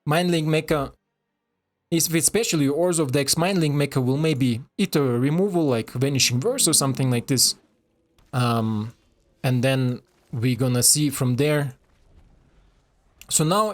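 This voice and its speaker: A man giving casual, excitable commentary over a card game, swearing and talking to his viewers in non-native English. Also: mid-range voice, normal speed.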